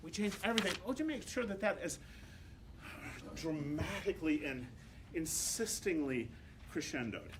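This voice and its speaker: A man conducting a choir rehearsal, coaching singers with animated, demonstrative instructions and bursts of sung examples. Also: fairly high pitch, normal speed, long pauses, very noisy.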